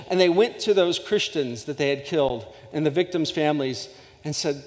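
Male preacher, earnest, impassioned, somewhat high voice, long church reverb. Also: expressive, a little fast. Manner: earnest, impassioned storytelling with frequent restarts. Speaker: guest speaker. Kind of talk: sermon. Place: church sanctuary.

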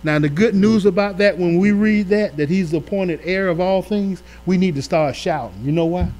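A man's voice: sits high, normal speed, darkish tone, low-quality recording. Preaching man, swelling and dropping, humming line. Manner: preaching with swells and asides, colloquial. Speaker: pastor. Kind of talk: sermon. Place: church during a live-streamed Bible study.

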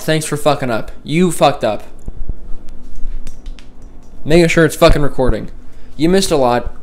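A young man vlogging casually from his bedroom, rambling and swearing with a deadpan, sarcastic manner. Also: on the high side, unhurried, long pauses. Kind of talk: casual vlog chat. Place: home bedroom.

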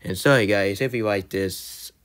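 A man's voice: lowish voice, normal speed, a bit bright, clean tone. A young man vlogging a heated, repetitive rant and apologizing to his viewers along the way. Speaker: YouTuber. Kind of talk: ranting commentary.

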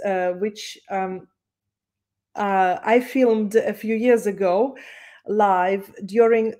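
A woman instructor giving an online lecture, explaining slowly with many hesitations. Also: medium pitch, dark tone.

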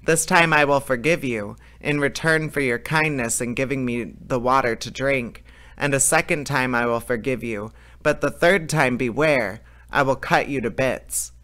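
A man voicing a menacing deathless sorcerer who speaks slowly and gravely in archaic words. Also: medium pitch, pushed and bright, close to an everyday voice. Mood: stern.

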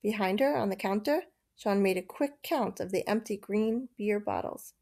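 A woman reading a children's novel aloud, steady and measured. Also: mid-range voice, vocal fry. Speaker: narrator. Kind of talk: storybook reading.

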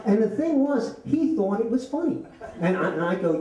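On stage at a live storytelling event, a man tells a personal story in a warm, sing-song voice that sits high, at a normal speed. He's chatty and laughs often as he talks. Recorded from a distance at the venue, the sound is roomy and echoey.

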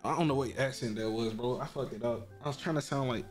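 A man giving casual, excitable commentary while playing a video game, joking, laughing and swearing often. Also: mid-range voice, fast talker, faint music behind. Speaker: gaming streamer.

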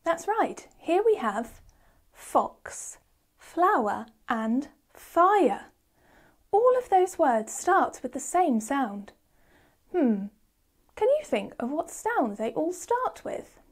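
A woman leads a children's phonics lesson in a bright, sing-song teacher voice. She speaks high and with lots of melody, taking her time. Her delivery is slow and encouraging, pitched for small children. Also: sing-song.

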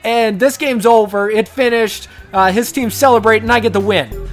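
A young man giving rambling, joking commentary over his own hockey video game match, cursing and getting excited. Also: high-pitched, normal speed, faint music behind. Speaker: gaming commentator. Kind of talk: casual gameplay commentary.

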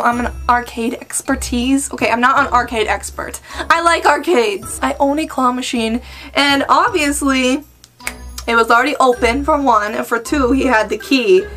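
A woman arcade vlogger giving excited, playful reaction commentary, full of exclamations. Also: high voice. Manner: bubbly, exclamatory, playful voices.

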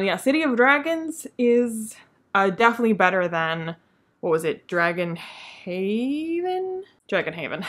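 Chatty, opinionated woman reviewing books. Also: medium pitch. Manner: chatty, opinionated, laughs often. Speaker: book reviewer. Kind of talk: casual monthly reading wrap-up.

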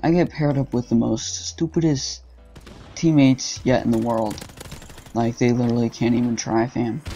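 Young male gaming host, dark gravelly tone, annoyed running commentary full of swearing over gunfire. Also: mid-range voice. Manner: frustrated, swearing, ranting at teammates. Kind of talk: casual gameplay commentary. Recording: game music and gunfire behind.

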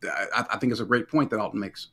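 A man's voice: fairly low pitch, quick pace, creaky, pushed and bright, slightly rough. A man in a theological debate who talks earnestly, often stammering and repeating words as he reads and argues.

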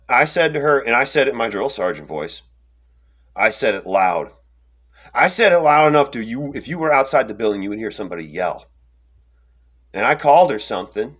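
A young man telling a personal story in a rambling, animated way, with lots of fillers and restarts, and acting out the quotes. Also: medium pitch. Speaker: storyteller recounting an encounter. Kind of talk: casual first-person storytelling.

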